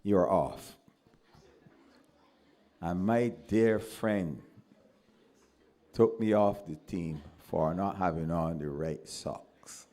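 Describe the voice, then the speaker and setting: A man with a Barbadian accent, a former pupil giving a speech at a ceremony, telling animated anecdotes and acting out the voices he quotes. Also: low voice, takes it slowly. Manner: animated storyteller who acts out quoted voices.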